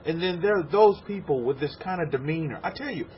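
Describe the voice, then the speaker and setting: A man's voice: on the high side, animated, quick pace. A man from Texas, a rabbi preaching a sermon to a congregation in a room, repeating words and acting out quotes. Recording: dull lo-fi sermon recording with faint noise.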